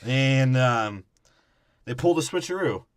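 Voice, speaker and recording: A man co-hosting a podcast, chatting casually and crudely about a movie, swearing a lot and mocking the characters with low mumbled impressions. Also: expressive, slow pace, smooth, dry recording, studio quality. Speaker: podcast co-host.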